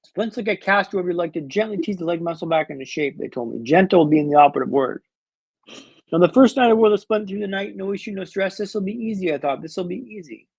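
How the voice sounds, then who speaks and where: A man's voice: high voice, quick pace, dry recording, low-quality recording. A man in his thirties telling a story as a podcast guest, dramatic and wry with comic timing. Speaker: guest speaker.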